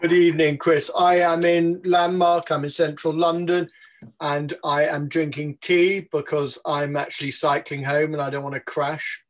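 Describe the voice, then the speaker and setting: A man's voice: on the high side, flat delivery, moderate pace. A man chatting on a video call in a jovial, mock-solemn way. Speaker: regular panelist. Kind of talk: casual chat over a video call.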